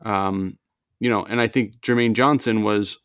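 A man hosting a casual sports podcast, chatty and opinionated with quick asides. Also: fairly low pitch, fairly even intonation, fairly bright tone, clean tone, dry recording, studio quality.

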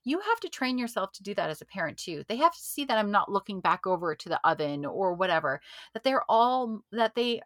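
A woman in her thirties co-hosting a podcast, chatting with lively, animated storytelling. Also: mid-range voice, fairly quick, no room sound. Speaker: podcast co-host. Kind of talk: casual chat.

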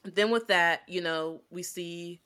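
A woman co-hosting a podcast reviews anime in casual chat, her fairly low voice slow, bright, forceful and clean. She rambles with plenty of fillers and animatedly retells scenes.

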